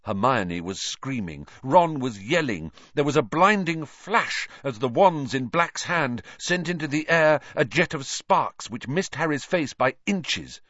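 Slow, lively male audiobook narrator. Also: medium pitch, dry recording, lo-fi sound. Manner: dramatic, lively reading.

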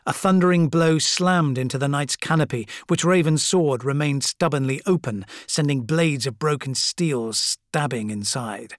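Guy narrating an audiobook, measured and dramatic, fairly high voice, dry sound. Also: dry recording. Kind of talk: scripted narration.

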